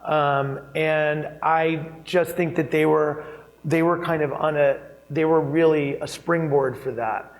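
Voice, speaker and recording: A man speaking as a keynote guest in an on-stage interview, telling anecdotes in a chatty, animated way with frequent fillers and laughter. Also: a little high, slow pace, low-quality recording. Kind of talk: conversational storytelling on stage.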